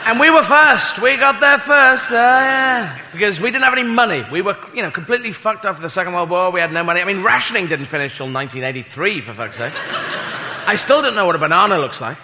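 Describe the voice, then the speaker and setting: A man's voice: sits high, expressive, very fast, big-room sound, noisy background. A British man performing a rambling, self-mocking stand-up routine with plenty of swearing. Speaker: stand-up comedian.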